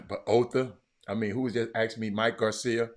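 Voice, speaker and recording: A man's voice: lowish voice, fairly even intonation, normal speed. A man hosting a casual live stream, rambling, repeating himself and reading viewer comments aloud.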